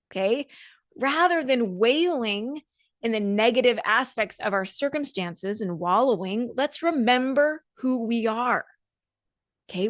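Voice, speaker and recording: A woman's voice: fairly high pitch, no room sound, clean studio sound. A woman dance coach hosting a solo podcast, talking in an earnest, motivational way with emphatic repetition.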